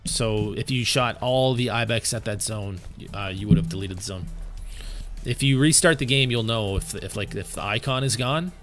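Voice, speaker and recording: Low-voiced man chatting while streaming. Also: moderate pace, a bit bright, faint music behind. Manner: chatty, answers chat questions. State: tired. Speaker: game streamer. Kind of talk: live gameplay commentary.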